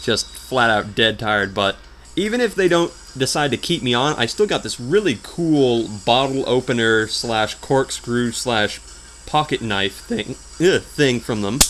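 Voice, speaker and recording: A man's voice: medium pitch, expressive, measured pace, fairly bright tone, a little hiss or hum. A young man rambling through casual, self-mocking commentary while he plays a game. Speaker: let's play host.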